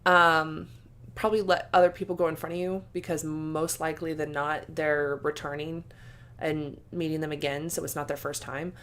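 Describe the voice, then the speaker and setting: A woman's voice: low-pitched, little pitch movement, normal speed, a bit bright, slight background noise. A young woman telling a story in a casual vlog. She gushes with emotion, says "like" and "um" often, and laughs between sentences. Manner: gushing and emotional, with filler words and laughs. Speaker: vlogger.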